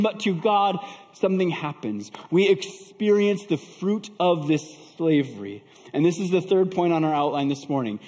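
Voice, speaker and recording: A man's voice: a little high, a little mellow, in a large hall. A man preaching a sermon, moving from storytelling into fervent preaching with rhetorical questions. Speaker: pastor.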